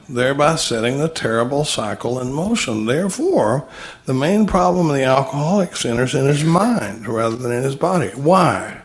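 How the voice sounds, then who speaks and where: A man's voice: medium pitch, expressive, normal speed. Folksy, self-mocking male speaker. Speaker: recovery meeting speaker. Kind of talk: humorous talk on a recovery text.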